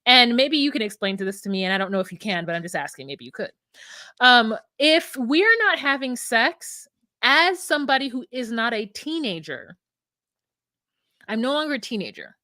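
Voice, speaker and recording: A young adult woman co-hosting a casual recap podcast, talking in an animated way and acting out quotes. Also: on the high side, moderate pace, no echo, clean studio sound. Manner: animated, acts out quotes from the show. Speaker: podcast co-host recapping a reality show.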